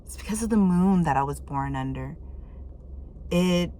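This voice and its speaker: A woman's voice: lowish voice, animated, normal speed, dark tone. Candid woman doing casual tarot chat. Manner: candid and loose, swears freely, reacts aloud. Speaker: tarot reader. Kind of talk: casual chat reading viewer messages.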